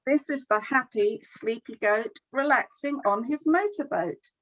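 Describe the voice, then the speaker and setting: Reading a picture book to children over video call, the middle-aged session leader speaks at a measured pace in a slightly high voice. She sounds animated, friendly and expressive despite the poor audio.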